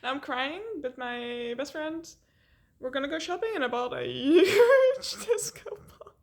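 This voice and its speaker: A young woman telling a rambling, animated story in a casual vlog, laughing often and swearing. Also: high-pitched, measured pace, vocal fry.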